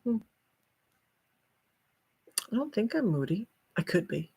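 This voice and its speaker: A woman's voice: medium pitch, sing-song, slow pace, creaky, mellow, slightly rough. Chatty older woman with folksy exclamations. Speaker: livestream host. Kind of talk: casual chat with viewers.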